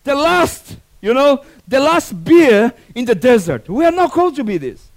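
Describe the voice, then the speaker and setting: High-voiced animated preacher man. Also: normal speed. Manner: animated preaching with acted-out quotes and non-native phrasing. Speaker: pastor. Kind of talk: sermon.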